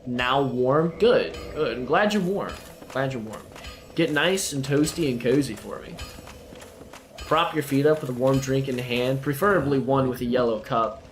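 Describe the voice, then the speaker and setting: A man's voice: mid-range voice, normal speed, faint music behind. A man live-streaming a video game, chatting with viewers and teasing them and the game in a playful way.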